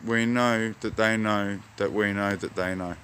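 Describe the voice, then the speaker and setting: A man's voice: fairly low pitch, steady tone, a little slow, fairly bright tone, slight background noise. Laid-back Australian man rambling outdoors. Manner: meandering, spiritual, laid-back, slangy. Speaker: hobby gardener vlogger. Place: his backyard garden outdoors.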